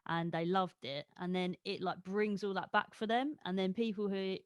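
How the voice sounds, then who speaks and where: A woman's voice: medium pitch, fairly even intonation, moderate pace, clear, resonant tone. A young woman with a London accent interviewing a singer on the radio, chatty and full of fillers. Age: young adult. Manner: chatty, laughs often, many fillers like 'like'.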